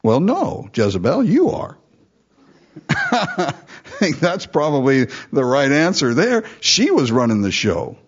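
Husky, lively male preacher. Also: on the high side, takes it slowly, pauses often. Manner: animated storytelling, chuckling asides. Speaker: pastor. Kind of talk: sermon. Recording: dull lo-fi recording.

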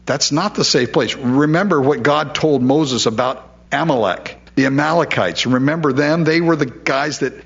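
A man's voice: fairly high pitch, normal speed, gravelly, few pauses, husky, dull audio. A man preaching a sermon in a conversational way, with frequent asides and quoted voices.

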